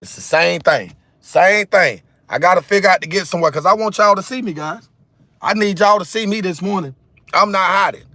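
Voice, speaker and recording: A man's voice: sits high, fairly quick, sharp tone, dry recording. A man live-streaming from his car on a phone, talking straight to his viewers in a repetitive, emphatic rant. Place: in a car, outdoors in sunlight. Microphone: phone camera.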